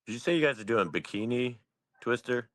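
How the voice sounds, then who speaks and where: A man's voice: medium pitch, animated, a little fast, fairly bright tone, dry recording. A man on a group call, teasing and prodding with questions. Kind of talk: casual group chat.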